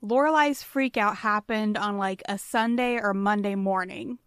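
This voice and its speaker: A woman's voice: mid-range voice, unhurried, clean tone, no room sound, clean studio sound. A woman co-hosting a podcast in casual chat, reasoning things out matter-of-factly. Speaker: podcast co-host.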